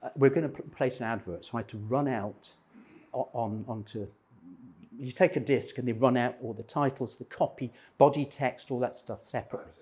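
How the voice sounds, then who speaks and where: Retired man in his sixties, slightly husky, spins wry personal stories for a friendly crowd. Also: medium pitch, brisk, darkish tone. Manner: self-deprecating, humorous anecdotes. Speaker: speaker at a men's breakfast.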